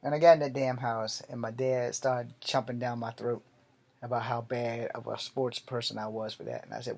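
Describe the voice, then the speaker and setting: A man telling a personal story in a vlog, animated and profane, swinging between loud and soft. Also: mid-range voice, normal speed, creaky. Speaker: martial arts vlogger.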